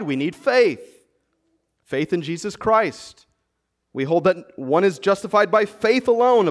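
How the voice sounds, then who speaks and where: An American man preaching a sermon as pastor, earnestly teaching and pressing emphatic rhetorical questions. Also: on the high side. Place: church sanctuary.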